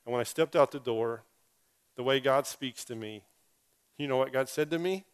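A man's voice: mid-range voice, moderate pace, clean tone. A male pastor preaching a sermon through a personal story, with humorous, self-deprecating asides.

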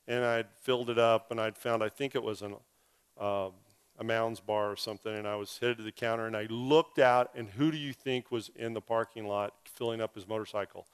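A man's voice: fairly low pitch, fairly even intonation, a little fast, clear, resonant tone. Resonant-voiced male pastor telling a story. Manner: humorous, self-deprecating asides. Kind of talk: sermon storytelling.

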